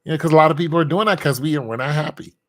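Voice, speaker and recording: A man's voice: fairly high pitch, very fast, a bit bright. A man speaking in a casual monologue, rambling and candid, joking about himself and laughing often.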